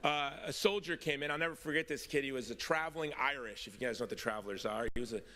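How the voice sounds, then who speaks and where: A man's voice: medium pitch, quick pace, sharp tone. A middle-aged man giving a personal testimony speech at a convention, telling his story with wry humour that turns earnest. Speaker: convention speaker. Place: large hall. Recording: long hall reverb.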